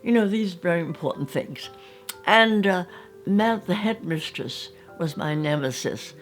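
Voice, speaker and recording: A woman's voice: lowish voice, expressive, a little slow, faint music behind. An older woman with an English accent, reminiscing about her school days and acting out little scenes as she tells them. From England. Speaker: storyteller. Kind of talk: recounting childhood memories.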